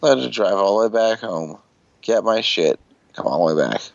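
Host, guy with a gravelly lowish voice, rambling storyteller, swears, muffled lo-fi call audio. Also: fairly quick, no echo. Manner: rambling, swears casually, acts out quotes. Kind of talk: casual storytelling on an online call.

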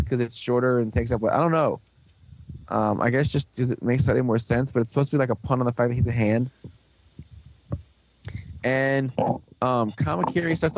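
A young man hosting a casual chat, rambling through a recap with lots of fillers and quick put-on voices for the characters. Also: medium pitch, slight background noise. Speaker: podcast host recapping a show.

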